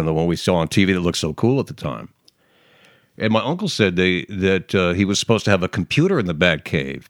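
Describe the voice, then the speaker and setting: A lowish male voice, recorded with no room sound, belongs to a radio or podcast host running an informal talk show. His storytelling drifts off on tangents, punctuated by restarts and frequent chuckles.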